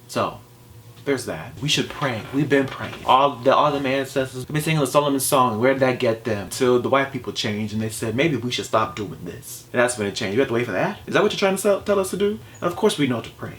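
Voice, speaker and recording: A man's voice: medium pitch, lively intonation, fast, fairly bright tone, slight background noise. A man talking straight to camera in a vlog, passionate and exasperated, firing off rhetorical questions. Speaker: vlogger. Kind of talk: opinion vlog rant.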